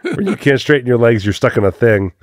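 A man co-hosting a podcast in easygoing casual chat, quick to react and laugh. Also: mid-range voice, very animated, no echo, studio quality. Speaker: podcast co-host.

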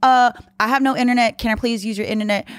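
A woman guest on a podcast, telling a story in casual chat, lively and exasperated as she quotes others. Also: on the high side, quick pace, no room sound.

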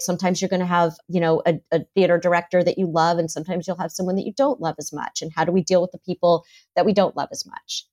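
Expressive woman therapist, slightly low voice. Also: quick pace, few pauses. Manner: animated, acts out parents' lines in quotes. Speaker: therapist and guest author. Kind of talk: conversational interview.

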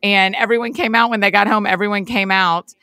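A woman's voice: mid-range voice, steady tone, brisk, sharp tone, no room sound. A woman co-hosting a podcast, chatting casually and reading a sponsor story in a chatty, laughing way. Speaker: podcast co-host. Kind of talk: casual chat and sponsor read.

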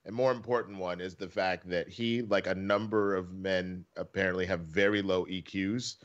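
A man's voice: deep voice, fairly even intonation, moderate pace, highs cut off. A man co-hosting a casual chat, reacting with emphatic disbelief and heavy swearing. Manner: emphatic, incredulous, swears a lot. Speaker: podcast co-host.

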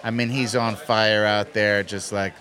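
A man being interviewed as an actor, chatting casually and joking in playful, animated bursts. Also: lowish voice, measured pace.

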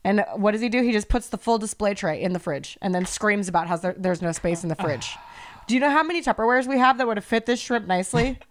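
A woman's voice: mid-range voice, fast. A woman co-hosting a podcast, ranting heatedly and swearing freely in casual chat. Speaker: podcast co-host.

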